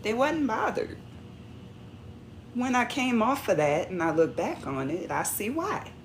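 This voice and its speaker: A woman's voice: fairly low pitch, normal speed, a little hiss or hum. A woman talking casually to her audience as a relationship coach, sassy and conversational. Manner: animated, acts out quoted arguments. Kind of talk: casual talk to camera.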